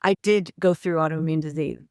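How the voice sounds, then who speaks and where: Woman hosting a podcast, kinda low voice, earnest, talks straight to the audience, dry sound. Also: fairly quick, clear, resonant tone, dry recording. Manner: earnest, addresses listeners directly. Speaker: podcast host. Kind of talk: interview conversation.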